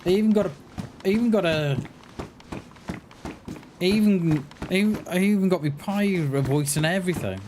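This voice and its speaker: A man's voice: high voice, normal speed, long pauses, darkish tone, a little hiss or hum. Playful man streaming a game. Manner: playful, jokey banter with chat. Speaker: livestreamer. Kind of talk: casual chat while gaming.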